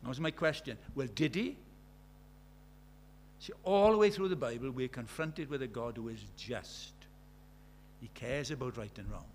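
A man's voice: medium pitch, lively intonation, normal speed, long pauses, a little hiss or hum. A middle-aged man from Britain preaching a sermon, telling stories with acted-out dialogue and firing rhetorical questions.

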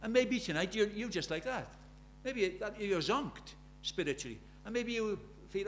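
A man's voice: high-pitched, lively intonation, normal speed, hardly any pauses, a bit bright, slight background noise. Man preaching a conversational sermon. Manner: conversational storytelling, rising to urgent emphasis.

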